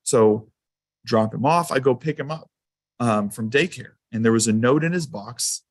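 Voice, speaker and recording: A man's voice: mid-range voice, normal speed, no room sound. Man telling stories in a dry room. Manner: conversational storytelling with fillers. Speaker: school safety presenter. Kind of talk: anecdotal presentation to a council.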